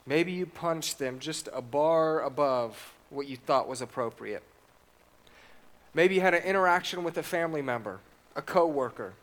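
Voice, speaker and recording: A man preaching a sermon, reading scripture aloud and putting questions to the congregation. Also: a little high.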